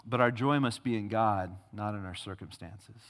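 A man's voice: fairly low pitch, normal speed, a bit bright. A male pastor preaching a sermon with emphatic repetition and rhetorical questions, recorded in a church sanctuary. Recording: long hall reverb.

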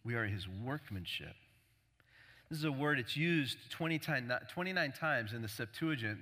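A man's voice: mid-range voice, bright, forceful tone. A man preaching a sermon as a pastor, emphatic, repeating key words and building intensity. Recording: long hall reverb.

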